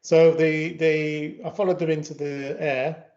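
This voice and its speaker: A man's voice: fairly high pitch, level tone, a little slow, darkish tone. A man from England co-hosting a casual chat, telling anecdotes in a chatty storytelling way. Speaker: co-host. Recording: dull lo-fi sound.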